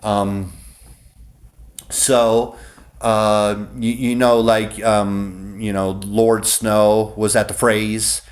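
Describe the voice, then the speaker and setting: A man's voice: on the low side, flat delivery, drawn-out words. A man delivering a casual, rambling monologue to his viewers, cursing freely and restarting his sentences often. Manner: rambling, profane, many restarts. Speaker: vlogger.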